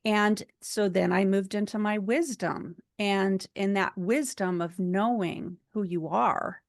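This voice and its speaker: A woman's voice: medium pitch, fairly even intonation, takes it slowly, gravelly, dry recording, clean studio sound. A woman giving a seminar talk, earnestly telling a personal story in a chatty way with many fillers. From United States. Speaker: seminar speaker.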